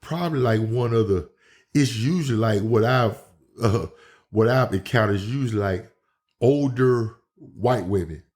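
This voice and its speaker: A man's voice: mid-range voice, moderate pace, darkish tone. Rambling man telling stories. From Memphis, Tennessee, USA. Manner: loose, rambling, many restarts and fillers. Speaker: pro wrestler, guest host. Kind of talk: casual storytelling chat.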